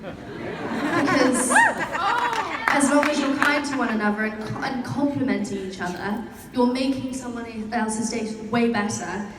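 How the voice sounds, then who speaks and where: A woman's voice: on the high side, measured pace. A young woman with a British accent, a convention panel guest answering fan questions in a chatty way, laughing often and using many fillers. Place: large convention hall. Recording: echoey hall from far off, crowd noise.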